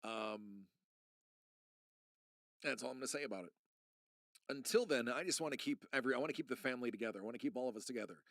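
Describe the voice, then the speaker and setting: Gravelly middle-aged streamer. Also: male voice, medium pitch, fast, pauses often, a bit bright, dry recording. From United States. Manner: rambling and earnest, talking straight to chat. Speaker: live streamer. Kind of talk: casual live-stream chat.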